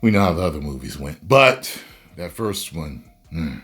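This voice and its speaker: A man reviewing a movie in a casual video rant, animated and breaking into loud exasperated outbursts. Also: extremely low pitch, moderate pace, husky, faint music behind.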